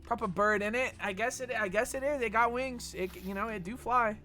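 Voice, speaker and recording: A man's voice: extremely high pitch, brisk, pushed and bright, faint music behind. A man from Texas streaming a game, rambling and swearing as he reads chat messages aloud and jokes back at them. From Texas, USA. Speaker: gaming streamer. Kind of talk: casual livestream chat while gaming.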